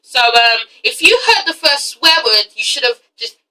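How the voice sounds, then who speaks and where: A woman's voice: on the high side, lively intonation, normal speed, pushed and bright, far from the mic, poor audio. A young English woman reviewing a TV show in a casual rant, blunt and sassy, swearing freely and tagging her points with "okay?". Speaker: TV review vlogger.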